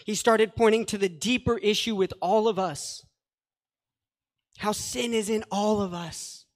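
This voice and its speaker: Earnest preacher in a reverberant hall. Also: male voice, high-pitched, fairly even intonation, a little slow. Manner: earnest preaching with paraphrase and asides. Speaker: pastor. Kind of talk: sermon.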